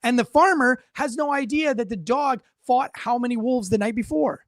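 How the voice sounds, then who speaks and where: A man's voice: extremely high pitch, normal speed, no room sound. Brief: male police officer as a podcast host, blunt and profane, leading questions, in a dry, close recording. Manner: explains with analogies, asks leading questions. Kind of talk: casual interview conversation.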